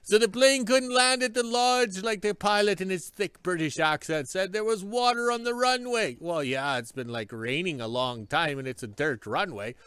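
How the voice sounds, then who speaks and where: A man's voice: high voice, moderate pace, hardly any pauses, a bit bright, smooth, no echo. A man telling a story in a casual vlog, chatty and stopping often for an emphatic "yes". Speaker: vlogger.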